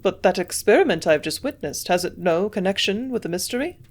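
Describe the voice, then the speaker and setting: A woman's voice: mid-range voice, lively intonation, a little fast, natural voice. A woman voicing a curious young male doctor who keeps pressing with questions, in her own everyday voice.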